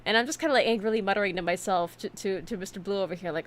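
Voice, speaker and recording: A woman streamer talks on a relaxed chat stream from her home setup, her voice sitting in an ordinary middle register. She tells her stories in an animated, chatty way, full of fillers, restarts and asides to her viewers. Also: mid-range voice, rapid-fire, hardly any pauses, slight background noise.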